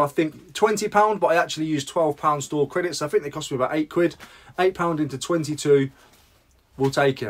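Chatty reseller, rambling and upbeat. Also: male voice, high-pitched. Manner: chatty, rambling, self-deprecating asides. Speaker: reseller vlogger. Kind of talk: casual vlog chat.

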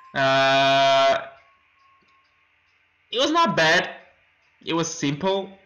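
A man's voice: medium pitch, sharp tone, poor audio. A young man playing a horror game, reacting with startled outbursts and nervous laughs while reading the game text aloud. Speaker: let's play gamer.

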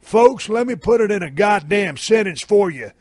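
A brash man spins a profane tall tale on his podcast, leaning hard on his drawled emphasis. His voice sits fairly high for a man and sounds close and dry, with no room around it. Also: animated, normal speed, a little mellow, no echo. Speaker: podcast host. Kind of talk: profane comic storytelling. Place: camper trailer.

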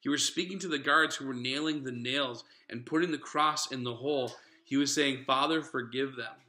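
A man's voice: medium pitch, moderate pace, bright, forceful tone. A man preaching a sermon in an earnest, conversational way, talking straight to his listeners. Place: church sanctuary. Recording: echoey church room.

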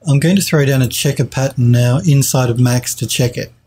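Male streamer, live modelling tutorial, husky, hesitant, self-correcting. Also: medium pitch, a little fast, dark tone. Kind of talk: live tutorial commentary, reading chat.

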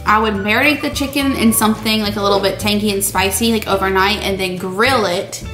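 A woman's voice: mid-range voice, steady tone, brisk, over music. A young woman, chatting casually to viewers while she cooks in her home kitchen. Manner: chatty, addresses viewers as y'all. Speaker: cooking vlogger. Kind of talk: casual cooking vlog.

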